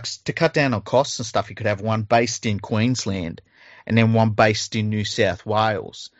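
A man's voice: lowish voice, dry recording. A man with an Australian accent co-hosting a rugby league podcast, in casual banter that rambles and swears freely. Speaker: podcast co-host. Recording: dull lo-fi audio.

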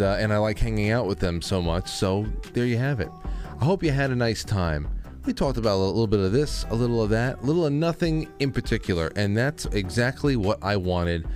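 A man hosting a live talk show, speaking in a loose, rambling, easygoing way. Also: on the low side. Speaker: host.

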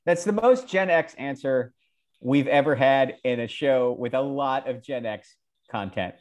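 A middle-aged man co-hosting a casual podcast, teasing his co-host and quick to laugh. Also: mid-range voice, darkish tone. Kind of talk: casual chat.

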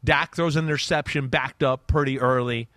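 A man's voice: mid-range voice, fairly even intonation, normal speed, fairly bright tone, no room sound, clean studio sound. A man giving casual football analysis in a loose, rambling way with restarts and the odd curse. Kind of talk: casual sports talk.

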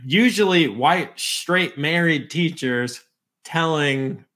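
A man hosting a podcast, talking in a lively, argumentative way. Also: on the high side, takes it slowly. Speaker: podcast host. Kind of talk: casual conversation.

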